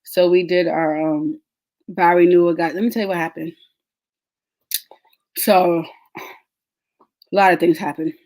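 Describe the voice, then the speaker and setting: Woman host telling a lively story. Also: on the low side, measured pace, pauses often. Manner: animated storytelling, laughs often. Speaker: podcast host. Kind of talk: casual chat.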